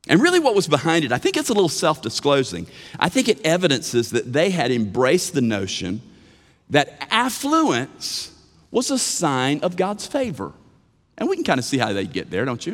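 A man preaching a sermon as pastor, animated, swinging from emphatic lines to hushed ones. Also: medium pitch, brisk, long reverb tail. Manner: animated preaching with sudden drops to a hush. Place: church sanctuary.

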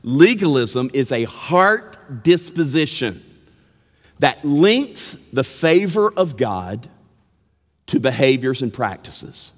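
A man preaching a sermon in a measured, emphatic way, now and then stumbling over a word. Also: mid-range voice, very animated, in a large hall.

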